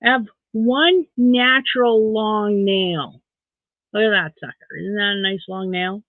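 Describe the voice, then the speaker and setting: A man's voice: high-pitched, a little slow, no room sound. A man chatting casually on a live stream as he crochets, counting his stitches aloud under his breath and greeting viewers by name. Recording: dry, tinny phone-like sound.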